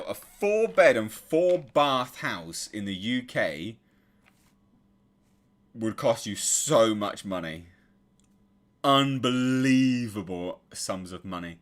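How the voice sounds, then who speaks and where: English man, young adult, bright voice, lively pitch, casual stream chat, reads viewer comments. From England.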